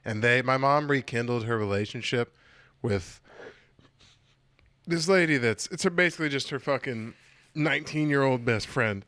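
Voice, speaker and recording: Bright-voiced man swapping stories. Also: medium pitch, moderate pace, long pauses, dry recording. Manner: swearing, storytelling, animated quoted voices. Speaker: podcast co-host, comedian. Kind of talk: casual chat.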